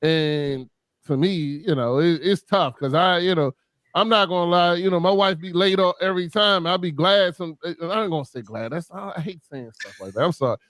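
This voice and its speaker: A man co-hosting a casual chat, halting and repeating himself as he speaks candidly. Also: high-pitched, a bit bright. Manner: hesitant, repeats words, candid and confessional. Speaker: podcast co-host.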